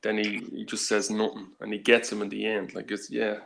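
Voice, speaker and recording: A man talking casually as a panelist on a live stream, animated and laughing, with a lot of restarts. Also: lowish voice, brisk, vocal fry, slight background noise. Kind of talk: casual chat.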